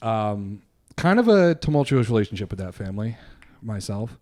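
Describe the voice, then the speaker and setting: A man's voice: on the low side, big pitch swings, moderate pace, a little mellow. A man co-hosting a podcast, telling childhood stories in a rambling, profane way, laughing and acting out quotes. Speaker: podcast co-host. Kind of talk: casual storytelling chat.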